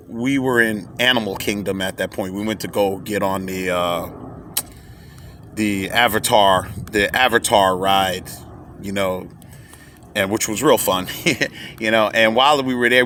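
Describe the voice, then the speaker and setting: A man talking casually and emotionally to the camera, rambling, repeating words and often ending with "man," swinging between loud excited bursts and quiet low asides. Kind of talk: casual personal monologue.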